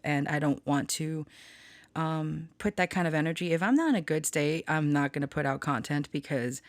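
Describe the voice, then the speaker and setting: A woman's voice: deep voice, dry recording. A woman chatting casually from a small home studio, rambling and laughing often, telling stories with self-aware melodrama. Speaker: spiritual channeler and tarot reader. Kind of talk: casual chat.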